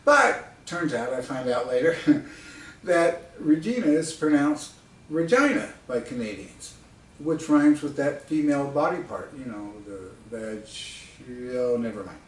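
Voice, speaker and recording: A man's voice: medium pitch, animated, measured pace. A man from the United States telling a funny travel story in a casual, chatty way, laughing often and adding asides. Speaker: storyteller and author. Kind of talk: casual spoken anecdote. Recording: roomy sound from a distance.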